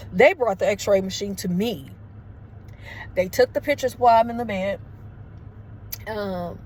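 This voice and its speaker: A woman's voice: medium pitch, a little mellow, a little hiss or hum. Emotional woman telling a personal story. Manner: emotional, conversational, addresses viewers as y'all. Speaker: vlogger. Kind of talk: storytelling to camera.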